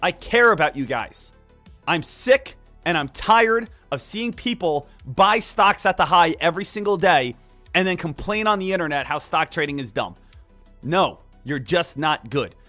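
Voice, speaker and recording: A man streaming live market commentary, energetic and emphatic, repeating key points and joking with viewers. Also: a little high, measured pace, soft background music. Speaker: day trading live streamer.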